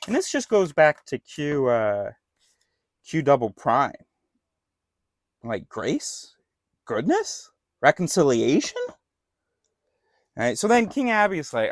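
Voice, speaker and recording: A man's voice: a little high, very animated, slow, long pauses, no room sound, studio quality. Joking, irreverent man reading scripture. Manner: irreverent, joking, self-correcting, laughs often. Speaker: bible study host. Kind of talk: casual scripture commentary.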